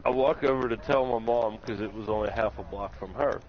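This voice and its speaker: Man, low voice, self-mocking storyteller who laughs at his own pain, muffled lo-fi stream audio, faint music underneath. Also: fairly quick, slight background noise. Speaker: live stream chat participant. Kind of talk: casual storytelling chat.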